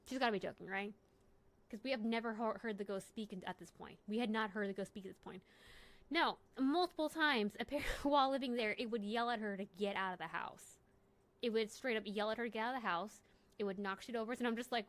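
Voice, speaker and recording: Her voice medium-pitched and quick, a young adult woman gaming on stream tells a meandering, jokey story, often stopping to correct herself.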